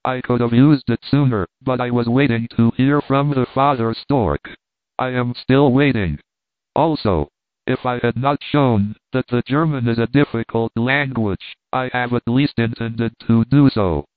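A man giving a scripted narration of a humorous essay in a steady, measured reading style. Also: medium pitch, no echo. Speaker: audiobook reader. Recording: dry, phone-like narrow band.

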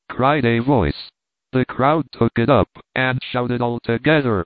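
A man narrating a storybook in a slow, measured, even reading. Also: mid-range voice, dry recording. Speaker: audiobook narrator. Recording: thin phone-like dry sound.

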